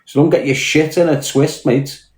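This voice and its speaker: A man's voice: fairly high pitch, steady tone, normal speed, darkish tone, roomy sound. A man with a Scouse accent from Liverpool, hosting a casual live-stream. He talks bluntly, swears heavily and confronts people. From Liverpool, England. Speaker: podcast host.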